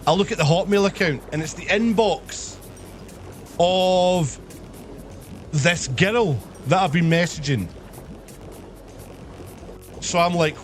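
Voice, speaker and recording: A man's voice: a little high, a little slow, long pauses, soft background music. A young man livestreaming, telling a long profane story to his chat and acting out the people in it. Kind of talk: casual storytelling on a live stream.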